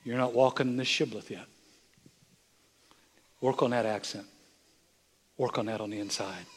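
An older man, a bishop, preaching a sermon with impassioned delivery that swings from hushed, near-whispered moments to loud, emphatic lines. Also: medium pitch, steady tone, normal speed, slightly rough.

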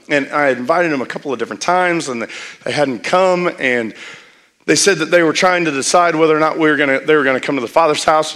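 A man's voice: mid-range voice, fairly bright tone. A man preaching a sermon as pastor, telling stories in a conversational way and building to emphatic peaks.

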